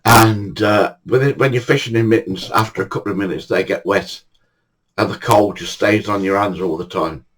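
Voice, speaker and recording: A man's voice: lowish voice, moderate pace, fairly bright tone, rough recording. An older man casually telling a funny true anecdote, chatty and swearing now and then, acting out the dialogue. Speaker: storyteller.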